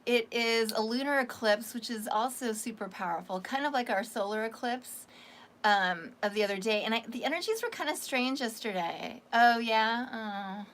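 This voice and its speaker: Bright, high raspy woman on a livestream. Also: moderate pace. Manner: chatty and affectionate, calls viewers honey. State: slightly raspy from dehydration. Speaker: psychic reader hosting a livestream. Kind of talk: casual livestream chat, greeting viewers.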